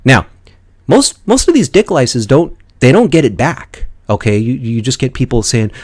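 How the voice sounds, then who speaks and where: A man's voice: medium pitch, big pitch swings, moderate pace, darkish tone. A man hosting a gaming channel, ranting casually in a mocking, profane tone. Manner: mocking, profane, trash-talking. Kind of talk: casual gaming vlog rant.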